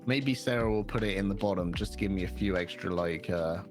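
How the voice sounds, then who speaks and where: A man's voice: low voice, a little fast, over music. A young man co-hosting a podcast, rambling through a story in casual chat and swearing freely. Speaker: podcast co-host.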